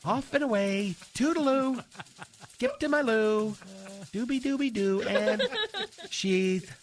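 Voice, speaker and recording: A man's voice: sits high, slow pace. A man playing a flamboyant, theatrical gay character in a radio comedy sketch, talking in a sing-song, gossipy way. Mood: fussy gossip. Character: flamboyant campy gay man, chatty and dramatic.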